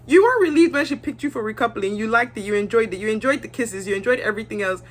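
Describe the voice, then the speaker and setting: A woman's voice: fairly high pitch, expressive, quick pace. A young woman giving casual, candid commentary on a reality show, sometimes acting out the cast's lines. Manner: chatty, candid, acts out cast members' lines.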